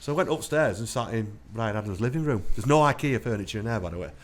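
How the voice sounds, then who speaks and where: Fast-talking veteran storyteller. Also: male voice, fairly low pitch, lively intonation. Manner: chatty anecdotal, laughs through stories. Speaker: army veteran guest. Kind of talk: casual storytelling interview.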